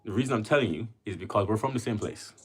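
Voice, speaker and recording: A man's voice: fairly low pitch, fast, slightly rough. A man from Jamaica with a Jamaican accent, hosting a casual livestream and chatting with viewers as he reads their comments aloud. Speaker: livestream host.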